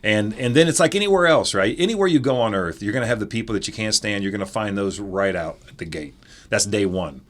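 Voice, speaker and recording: A man in his forties from the American Midwest, an animated and chatty storyteller telling stories as an interview guest. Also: lowish voice, fast talker. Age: 40s. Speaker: former football player, interview guest. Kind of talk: casual interview.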